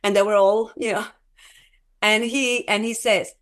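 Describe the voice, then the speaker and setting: Woman guest telling her story, stops and restarts a lot, acts out the dialogue. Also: mid-range voice. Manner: halting, repeats words, restarts often; animated retelling with quoted dialogue. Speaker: interview guest. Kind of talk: personal testimony in conversation.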